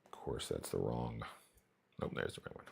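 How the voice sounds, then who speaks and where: A man's voice: extremely low pitch, moderate pace, creaky, a little mellow, slightly rough. A man live-streaming as he works on a radio-control model, chatting casually and muttering jokey asides to his viewers as he tinkers.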